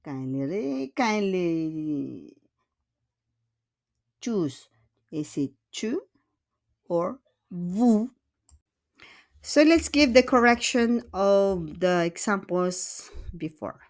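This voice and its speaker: A woman's voice: on the low side, animated, drawn-out words, pauses often. A woman teaching a French grammar lesson, patiently repeating words and checking in with "okay?".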